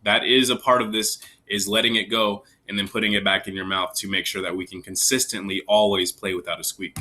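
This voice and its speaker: Bright-voiced encouraging male music teacher. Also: lowish voice, flat delivery, a little fast. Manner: patient, encouraging, counts aloud with students. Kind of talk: recorded online music lesson.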